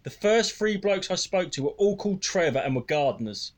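Fast, lively man telling stories. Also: high-pitched. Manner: animated, sweary storytelling, slipping into others' voices. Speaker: comedian and podcast co-host. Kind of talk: casual chat, anecdote telling.

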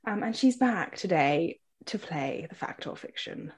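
A woman's voice: on the low side, animated, unhurried, slightly rough. Chatty young woman hosting a podcast. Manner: chatty and self-mocking, with rambling restarts. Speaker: podcast host. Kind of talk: casual podcast chat.

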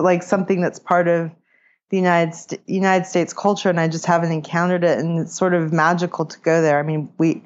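A chatty woman from California talks through her stories as a podcast guest, restarting her sentences and laughing lightly. Her voice sits fairly low. The recording is dull and lo-fi, without crisp highs. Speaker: author and grammar teacher, podcast guest. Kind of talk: casual interview chat.

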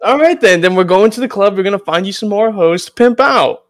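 High lively excitable man. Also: brisk. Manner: excitable, protesting, laughs often. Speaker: player. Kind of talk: casual tabletop game chat.

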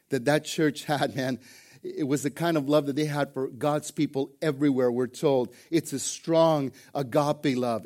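A man's voice: a little high, warm tone. Folksy joking pastor, a man. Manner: folksy storytelling with jokes, repeated starts and "man". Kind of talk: sermon. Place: church service before a congregation.

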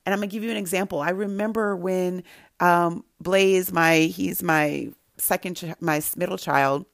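Earnest woman with a gravelly low voice. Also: steady tone, moderate pace, no room sound, studio quality. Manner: earnest, repetitive, emphatic. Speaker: Christian speaker to mothers. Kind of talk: faith-based teaching with personal story.

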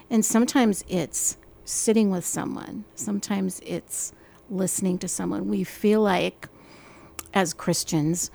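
Woman, faith podcast chat, reflective, earnest, creaky gravelly voice. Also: medium pitch, mellow.

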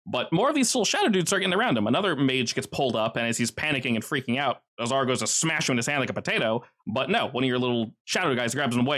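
A man's voice: mid-range voice, fairly bright tone. A man running a tabletop game as game master, telling the scenes in a casual, vivid way with many fillers.

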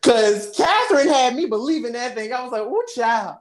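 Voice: mid-range voice, fairly quick, crowd noise. A podcast co-host casually recapping a movie, acting out lines with laughter and swearing freely. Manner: animated, laughing storyteller who acts out quotes; casual cursing.

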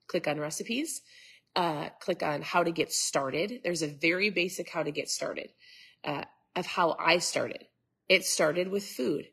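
A middle-aged Minnesota woman hosts a casual live stream, greeting viewers by name and drifting into asides through a stuffed-up nose. Her lowish voice is expressive, fairly bright, and slightly rough, moving a little slowly.

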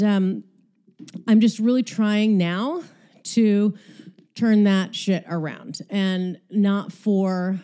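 Out of breath woman rambling and swearing mid workout, mellow warm voice. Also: medium pitch, smooth. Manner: candid, profane, rambling. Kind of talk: casual monologue while exercising.

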